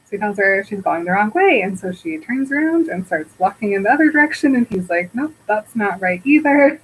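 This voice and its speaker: A woman's voice: mid-range voice, fairly quick, slight background noise, low-quality recording. A woman podcast co-host casually retelling a book chapter, acting out the dialogue as she goes. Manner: animated retelling with quoted dialogue and laughter. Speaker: podcast co-host recapping a novel.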